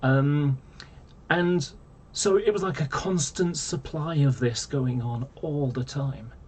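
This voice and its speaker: A man's voice: fairly high pitch, slow, darkish tone, husky. A man ranting casually to camera, rambling and exasperated, full of fillers and restarts. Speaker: vlogger.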